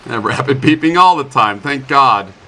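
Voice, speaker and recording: A man's voice: mid-range voice, expressive, moderate pace, sharp tone, a little hiss or hum. A young man commentating his own gameplay in a chatty, self-mocking way, with sudden startled outbursts. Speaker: streamer playing a survival game. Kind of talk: let's play commentary.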